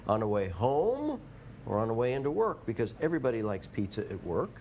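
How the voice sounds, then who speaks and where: A man's voice: mid-range voice, wildly swooping pitch, a little fast, a little mellow, muffled recording, a little hiss or hum. A man hosting a local TV show, rambling and joking in casual chat and slipping into playful put-on voices. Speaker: TV show host.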